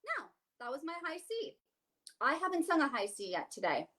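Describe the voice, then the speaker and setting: A woman's voice: high-pitched, huge pitch swings, normal speed, sharp tone. A woman, a soprano, giving a vocal coaching session over a video call. She explains each exercise and then sings it, with a light, joking touch.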